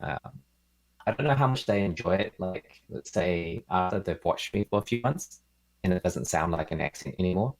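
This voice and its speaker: A man with a New Zealand accent, chatting as a guest over a video call in a relaxed, rambling way with lots of fillers. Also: low-pitched, normal speed. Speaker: guest, keyboard builder and streamer.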